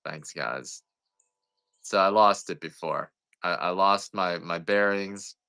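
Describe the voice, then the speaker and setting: A man's voice: deep voice, takes it slowly, sharp tone, clear, resonant tone, dry recording. A man selling coffee on a livestream, chatting casually in a rambling, self-deprecating, joking way. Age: adult parent.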